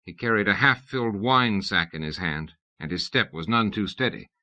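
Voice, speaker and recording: A man reading a comic fantasy novel aloud as an audiobook narrator, in measured, even storytelling. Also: on the low side. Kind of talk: scripted narration. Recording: dull lo-fi audiobook recording.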